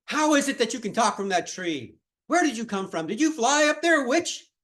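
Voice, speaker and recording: Man doing a shouting angry village mob. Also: extremely high pitch, sing-song, normal speed, pitched above the performer's own voice, exaggerated voice. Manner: shouting, accusing.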